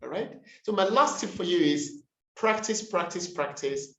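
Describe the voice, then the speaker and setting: A man's voice: sits high, lively intonation, moderate pace, sharp tone. Man drilling pronunciation, echoey room. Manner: demonstrative, repeats words to model stress. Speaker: workshop facilitator. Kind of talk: pronunciation tips session on a video call. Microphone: computer mic on a video call.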